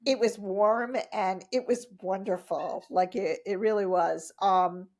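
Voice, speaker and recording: A woman in her fifties, a guest on a podcast, telling stories in a casual, animated way, laughing often and acting out what people said. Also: medium pitch, a little slow. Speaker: podcast guest, triathlete and coach. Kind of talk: casual interview storytelling.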